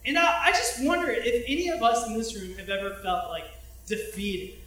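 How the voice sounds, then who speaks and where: High-pitched pastor guy telling a story on stage, sounds far from the mic in a big echoey room. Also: normal speed. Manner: animated, shouting in punchlines and acting out quotes. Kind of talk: storytelling sermon. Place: large echoey hall, speaking from a stage.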